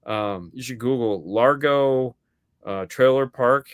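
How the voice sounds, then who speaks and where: A man co-hosting a podcast in casual chat, telling a story in a lively way and acting out the voices of the people in it, swearing now and then. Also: medium pitch, takes it slowly, clear, resonant tone, no room sound, clean studio sound. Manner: animated storyteller acting out quoted dialogue. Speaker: podcast co-host.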